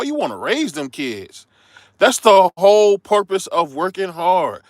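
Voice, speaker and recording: A man's voice: high voice, very animated, normal speed, fairly bright tone, no echo, clean studio sound. A middle-aged man, hosting a heated, preachy opinion rant that turns confrontational. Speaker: commentary show host.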